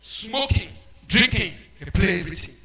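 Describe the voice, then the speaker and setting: A man with a Nigerian accent preaching a sermon, shouting and switching into Pidgin. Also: high voice, lively intonation, moderate pace, gravelly, crowd noise.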